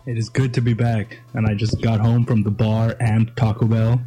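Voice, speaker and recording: A man drops dry, sarcastic jabs during a casual group podcast. His voice is low and mellow, and faint music sits under it. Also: little pitch movement, moderate pace, slightly rough, poor audio. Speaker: podcast panelist.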